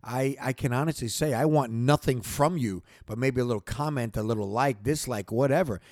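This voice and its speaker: Recorded close and dry with no room sound, this podcast host speaks a little fast in a slightly mellow, mid-range voice. Addressing listeners directly in a passionate monologue, he stumbles, repeats himself and drives one point harder and harder, then apologizes for getting worked up.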